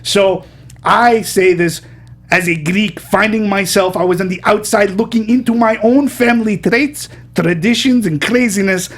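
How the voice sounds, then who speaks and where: Playful male movie-show host. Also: high-pitched. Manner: playful, halting with many restarts and fillers. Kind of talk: casual panel chat.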